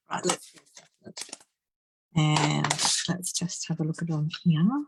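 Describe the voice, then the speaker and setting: A woman with a low, creaky voice speaks slowly, pausing often, over background noise. She's doing a live card-making demonstration, chatting and giggling as she works and murmuring to herself.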